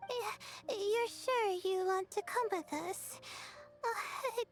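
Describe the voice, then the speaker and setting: A woman's voice: very high-pitched, steady tone, slow pace, soft background music. A woman voicing a nervous, timid young scholar in a game, stammering and hesitant. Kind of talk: game voice acting.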